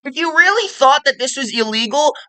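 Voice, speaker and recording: A woman's voice: high-pitched, expressive, fairly quick, bright, forceful tone, rough recording. Profane, sarcastic woman commentator. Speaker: commentary video host. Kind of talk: ranting online commentary.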